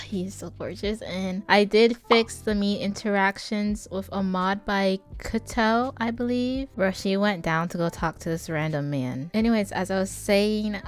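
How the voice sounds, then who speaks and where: A woman chatting casually as she comments on her own gameplay, playful and prone to sudden loud exclamations. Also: medium pitch. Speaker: gaming YouTuber.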